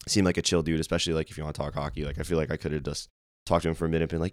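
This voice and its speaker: Young male podcast co-host: hoarse, very low voice, rattles along fast with fillers. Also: no room sound, studio quality. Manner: rambling, excitable, lots of fillers. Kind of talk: casual sports podcast chat.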